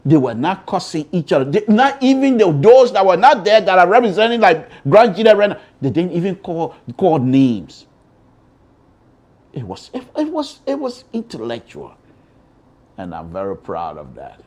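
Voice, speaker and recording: A Liberian man hosts a political commentary show, hammering his points home by repeating them. His voice sits a little high and swings widely in pitch, rising loud and dropping low as he talks. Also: sing-song, unhurried. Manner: emphatic, repetitive, shifts between loud and quiet. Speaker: radio show host.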